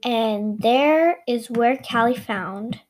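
A woman's voice: a little high, takes it slowly. A woman telling an improvised story, rambling with restarts and asides to her listeners.

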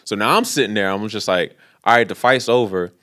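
A young man co-hosting a podcast, telling a story in casual chat, animated and profane, acting out the people in it. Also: on the low side, a little fast. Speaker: podcast co-host.

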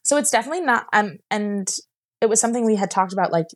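Here is a young woman on a podcast, sharing a hard personal story in a loose, rambling way that is full of fillers. Her voice is mid-pitched and sits at the usual height for a woman. Now and then she sounds close to tears. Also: animated, fast talker. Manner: emotional, rambling, many "like" fillers. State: near tears at times. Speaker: guest.

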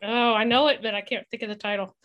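A woman's voice: a little high, steady tone, quick pace, highs cut off. A woman playing a podcast music quiz, chatting casually and giggling often. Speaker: podcast game player.

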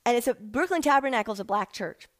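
A middle-aged woman telling her personal faith testimony in an emotional, animated way, acting out the people she quotes. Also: fairly high pitch, fast. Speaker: speaker sharing a personal testimony.

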